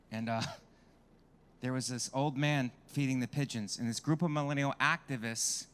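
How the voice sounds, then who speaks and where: A man doing a stand-up comedy set on a club stage, brash and crowd-working, swearing freely into a handheld mic. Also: medium pitch.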